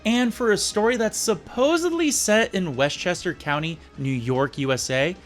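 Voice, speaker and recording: A man's voice: sits high, normal speed, faint music behind. A man casually reviewing an old episode with sarcastic, jokey asides. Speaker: video reviewer.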